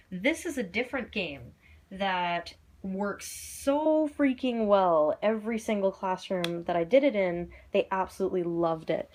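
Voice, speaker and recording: A young woman teacher casually explaining a classroom lesson, chatty, with many fillers and acted-out classroom prompts. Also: on the low side. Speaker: English teacher.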